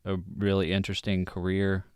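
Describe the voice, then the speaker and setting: An easygoing man co-hosting a film podcast. His voice is very deep and smooth, and it is recorded dry and close with no room sound. He mostly agrees and adds relaxed comments. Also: a little fast, no room sound. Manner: easygoing, short agreeing replies. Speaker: podcast co-host. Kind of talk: casual film chat.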